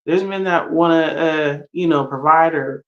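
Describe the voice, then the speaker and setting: Rambling high-voiced male co-host. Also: measured pace, muffled recording. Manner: rambling, loose, many fillers. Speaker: podcast co-host. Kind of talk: casual live-stream chat.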